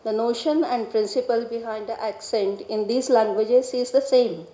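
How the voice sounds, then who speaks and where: A middle-aged woman with an Indian English accent presenting an academic paper, measured and explanatory, stressing key syllables. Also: on the high side, dark tone. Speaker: Vedic researcher presenting a paper. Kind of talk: academic lecture. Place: lecture hall. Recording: echoey hall.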